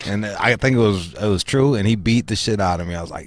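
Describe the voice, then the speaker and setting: A man's voice: fairly low pitch, brisk, no echo. A man hosting a casual talk show, swearing freely and laughing as he rants. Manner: profane, animated, laughs often. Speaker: show host.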